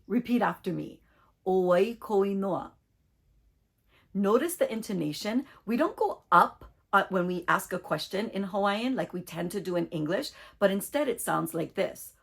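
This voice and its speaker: A woman teaching a short online language lesson, speaking clearly and deliberately as she leads repeat-after-me drills. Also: lowish voice, animated.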